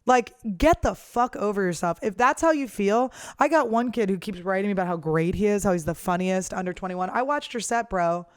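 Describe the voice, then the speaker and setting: A woman's voice: medium pitch, brisk, few pauses, clear, resonant tone, dry recording, studio quality. A woman comedian talking in a casual monologue, blunt and profane as she rants. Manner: blunt, profane, lively ranting. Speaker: professional comedian, podcast host.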